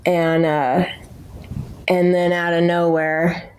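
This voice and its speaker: A woman's voice: on the low side, little pitch movement, slow, darkish tone, clean tone. Blunt, swearing young woman recounting recovery. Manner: blunt, swears freely, filler-heavy. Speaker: podcast guest. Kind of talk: candid recovery storytelling.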